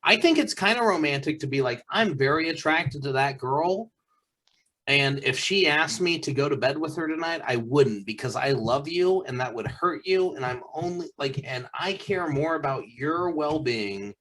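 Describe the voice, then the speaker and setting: A podcast co-host man arguing his opinion with plenty of emphasis. His voice sits slightly high and swings widely in pitch as he presses each point. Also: lively intonation, moderate pace, a bit bright. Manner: emphatic, argumentative. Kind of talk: opinionated casual chat.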